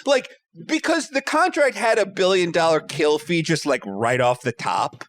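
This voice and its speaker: A man chatting casually as a podcast panelist, animated and emphatic, swearing freely. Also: fairly high pitch, normal speed, no room sound.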